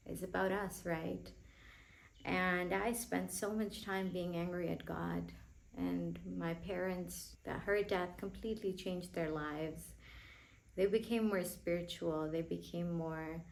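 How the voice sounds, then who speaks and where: A young woman vlogger telling a painful personal story, emotional and halting, with frequent restarts. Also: lowish voice, creaky, slight background noise, low-quality recording.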